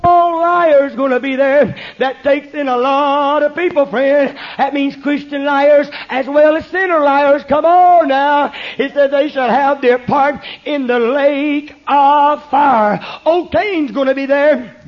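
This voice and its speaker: A man preaching a fiery hellfire sermon, calling listeners "friend" and rising into shouts. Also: extremely high pitch, slow, hardly any pauses. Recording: dull lo-fi recording.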